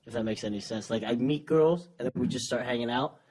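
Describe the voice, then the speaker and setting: A man's voice: medium pitch, darkish tone. Laid-back man in his forties. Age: 40s. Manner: laid-back, halting, trails off. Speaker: comedian guest. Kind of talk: casual chat.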